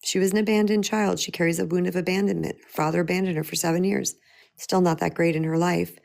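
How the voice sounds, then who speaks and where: A woman's voice: fairly low pitch, fairly even intonation, fast talker, gravelly, a little mellow. A middle-aged woman speaking as a spiritual empowerment coach, earnest and emphatic, often repeating her key phrases. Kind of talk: motivational talk.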